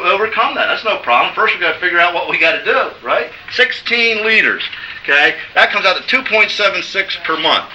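A man delivers a motivational business seminar with a forceful, sharp-edged tone and a voice pitched a bit high. He talks emphatically and coaxingly, checking in with his listeners again and again. The sound is echoey and distant, with faint noise underneath. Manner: emphatic, coaxing, asks "okay?" often. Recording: echoey room from far off.

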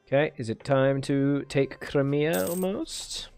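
A man's voice: a little high, slow pace, vocal fry, a little mellow, clean tone, faint music behind. Playful man muttering game commentary. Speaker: gaming video host. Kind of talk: let's play commentary.

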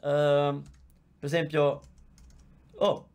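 High-voiced Italian-accented male teacher. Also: flat delivery, slow pace, a little mellow, smooth. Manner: chatty, explains patiently, reads out viewer comments. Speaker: language teacher. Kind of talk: live online Q&A lesson. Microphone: visible microphone.

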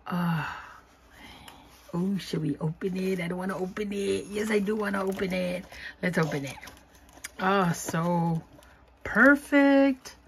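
A woman chatting casually as she opens craft mail, gushing and giggling, sometimes dropping to a soft whisper. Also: medium pitch, a little slow, long pauses, slight background noise. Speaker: craft vlogger opening happy mail. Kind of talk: casual unboxing chat.

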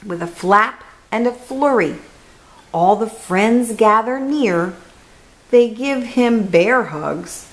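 A woman reading a children's picture book aloud, slow and expressive, dropping to a hush on key words. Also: fairly high pitch, a little hiss or hum, low-quality recording.

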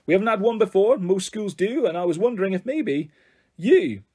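A man's voice: sits high, expressive, normal speed, a little mellow, slightly rough, pitched above the performer's own voice. A man voicing a kindly, earnest male head teacher who lectures fondly, in a storybook reading.

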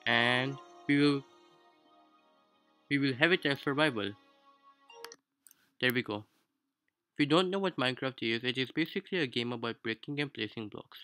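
A man's voice: medium pitch, pushed and bright, clean tone, no echo, low-quality recording. A man with a non-native English accent gives a let's-play commentary on a game, explaining things in formal, slightly stilted phrasing. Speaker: gaming YouTuber. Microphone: low-quality home mic.

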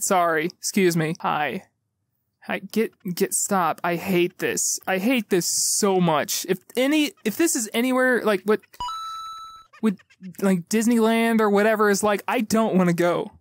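A man's voice: high voice, slight background noise. A young man doing sarcastic gameplay commentary, swearing and talking back to characters on a headset mic. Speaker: gaming YouTuber. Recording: loud game music behind.

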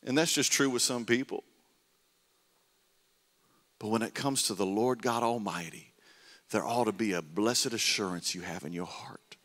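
Pastor preaching in a reverberant hall. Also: male voice, lowish voice, normal speed, pauses often. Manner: animated storytelling, swinging from loud to hushed. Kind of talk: sermon. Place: church sanctuary.

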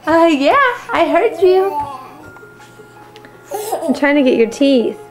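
Woman, mother, high voice, unhurried, playful baby talk, handheld camcorder at home. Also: animated, music in the background, rough recording. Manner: playful, cooing to babies, laughing often. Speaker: mother filming her babies. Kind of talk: home video chat. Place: at home indoors.

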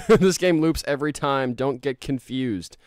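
A man's voice: medium pitch, normal speed, a little mellow, dry recording, studio quality. A man live-streaming a game, chatting casually, laughing often and reading chat messages aloud.

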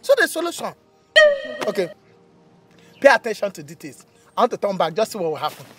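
A Nigerian man in a comedy skit, boasting loudly that he controls spirits, laughing often and breaking into panic. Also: high voice, expressive, quick pace, soft background music. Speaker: comedian playing a boastful native doctor. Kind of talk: skit comedy, pidgin-tinged. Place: outdoors in bush.

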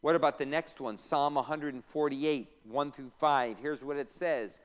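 Teaching Bible class in a church room, the pastor uses a fairly high-pitched voice at a moderate pace. He mixes scripture reading with quiz questions and joking asides, and the recording carries the reverberation of the church hall.

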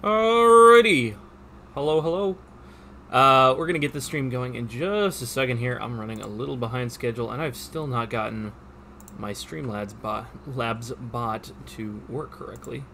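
A man casually commentates his own game stream, chatty and upbeat, talking both to himself and to his viewers as he plays. His mid-range voice is pushed and bright at a normal speed, with slight background noise.

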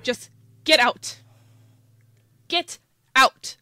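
A woman voicing a furious young female tavern server who shouts and scolds. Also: high-pitched, very slow, dry recording, voice pushed up, full character voice. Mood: screaming.

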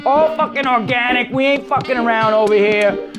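A man hosting a casual cooking chat, talking fast with profanity and hype. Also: extremely high pitch, over music. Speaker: host. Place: home kitchen.

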